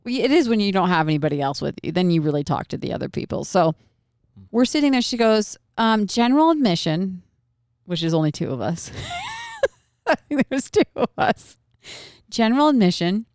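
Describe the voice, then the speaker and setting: A young woman chats through a long story as podcast co-host, animated and quick to swear and laugh. Her voice sits slightly low. The sound is dry and close, with no room echo. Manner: animated, profane, laughs often. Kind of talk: casual storytelling chat.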